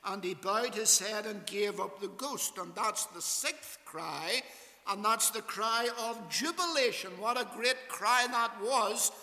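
Slow, bright-voiced male preacher. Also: sits high, big-room sound. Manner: measured preaching with King James scripture quotations. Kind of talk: sermon. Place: church.

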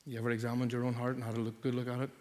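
An older man preaching a sermon, earnest and building at times to loud, forceful emphasis. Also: medium pitch, completely flat delivery, very fast, big-room sound, slight background noise.

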